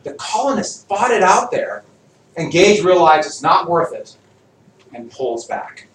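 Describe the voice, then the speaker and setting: Animated teacher in an echoey classroom. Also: male voice, fairly high pitch, a little slow, far from the mic, a little hiss or hum. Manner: animated, jokey, quizzes the class. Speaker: history teacher. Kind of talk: classroom lecture with student questions.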